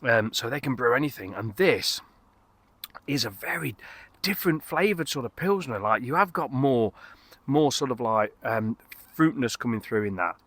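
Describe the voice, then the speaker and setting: A middle-aged Englishman chats about a beer in a rambling, eager way, stopping and restarting his thoughts. His voice is bright and forward. The sound is close and dry, recorded outside in a garden. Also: medium pitch, animated, moderate pace, dry recording. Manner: rambling, enthusiastic, lots of fillers and restarts. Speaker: beer reviewer. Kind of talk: casual beer review vlog. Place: outdoors in a garden.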